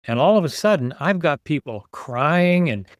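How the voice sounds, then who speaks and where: A man's voice: fairly high pitch, lively intonation, normal speed, no room sound, clean studio sound. A man in his sixties, a podcast guest, telling his story earnestly and repeating words as he builds each point. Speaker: guest, author and nonprofit founder.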